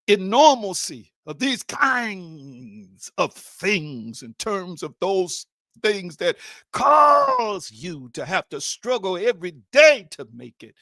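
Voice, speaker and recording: A man preaching a sermon in a dramatic way, repeating his questions and swinging from loud outbursts to hushed, low lines. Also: no echo, clean studio sound. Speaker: spiritual speaker.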